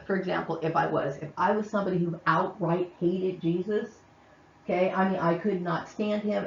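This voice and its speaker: Angry woman ranting, gravelly and echoey. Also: fairly low pitch. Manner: heated, repetitive, keeps asking "okay?". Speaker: channel host. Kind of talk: angry vlog rant to camera. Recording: echoey, distant, muffled room sound.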